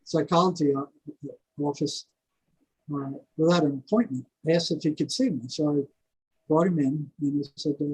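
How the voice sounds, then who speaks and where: An older man telling a long story in a rambling, animated way, full of fillers and asides. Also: on the high side, moderate pace, slightly rough, low-quality recording. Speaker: guest, former prison psychology worker. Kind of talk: casual storytelling interview.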